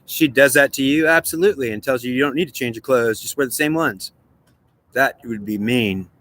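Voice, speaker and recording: Man, solo vlog, self-dialogue, earnest, pleading, repetitive, bright forceful voice, mid pitch. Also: fairly quick. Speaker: vlogger. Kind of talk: solo monologue, arguing with himself in two voices.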